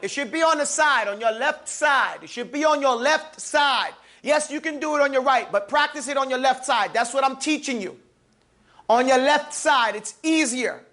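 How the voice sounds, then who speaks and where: A man's voice: very high-pitched, normal speed, pushed and bright. A man teaching Quran recitation, leading call-and-response drills of letters and correcting pronunciation.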